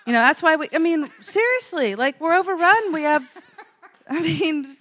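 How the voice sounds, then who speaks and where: A middle-aged woman telling a personal story in a casual interview, animated and laughing often. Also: high-pitched, normal speed.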